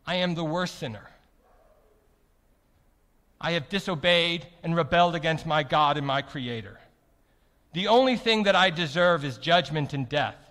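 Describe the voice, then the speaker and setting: Male preacher, high voice, emphatic sermon delivery, long hall reverb. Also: normal speed, long pauses. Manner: emphatic, rhetorical questions, swings from loud to soft.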